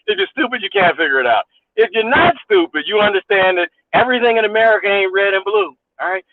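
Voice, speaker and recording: A man's voice: high-pitched, big pitch swings, fairly quick, no echo. A man ranting in a casual vlog, mocking and laughing often, repeating his points. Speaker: vlogger. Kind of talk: casual rant to camera. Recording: tinny phone-like dry sound.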